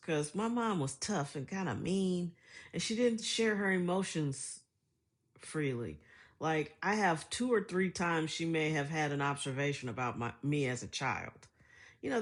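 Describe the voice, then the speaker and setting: Chatty middle-aged woman telling stories. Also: deep voice. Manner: storytelling, laughs often, chatty and reflective. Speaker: vlogger. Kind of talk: casual monologue.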